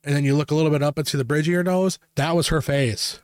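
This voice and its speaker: A man's voice: on the high side, quick pace, no echo, studio quality. Casual, profane man telling stories. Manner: casual, profane, animated when quoting himself. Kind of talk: casual storytelling chat.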